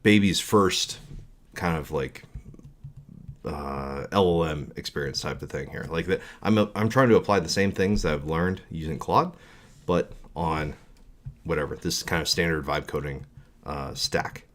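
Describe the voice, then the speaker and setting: A man's voice: extremely low pitch, unhurried, a bit bright. A man talking casually on a live coding stream, rambling through his thoughts with many fillers and restarts.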